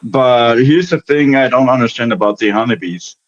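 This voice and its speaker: A man's voice: mid-range voice, normal speed. Chatty man on lo-fi stream audio. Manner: rambling, chatty, many fillers and restarts. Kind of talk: casual live-stream chat. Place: home in Germany.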